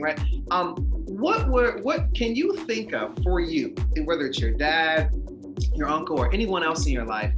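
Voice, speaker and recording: A woman's voice: low voice, animated, takes it slowly, echoey room, music in the background. A woman hosting a casual conversation, asking rambling questions with many fillers. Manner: searching, trailing questions with fillers. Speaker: host. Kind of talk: casual interview chat.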